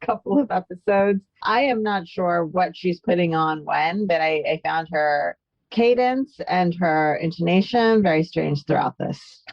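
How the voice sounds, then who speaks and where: A woman's voice: fairly low pitch, a little slow, dry recording, muffled recording. A woman co-hosting a podcast, giving short, agreeable remarks in a casual chat. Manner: brief, agreeable replies. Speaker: podcast co-host.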